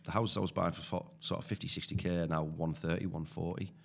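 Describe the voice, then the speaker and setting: Low-voiced chatty man with a Teesside accent. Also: level tone, fast, vocal fry, a little hiss or hum. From Teesside, England. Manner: chatty storyteller, many fillers. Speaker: guest, property investor. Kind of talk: casual podcast conversation.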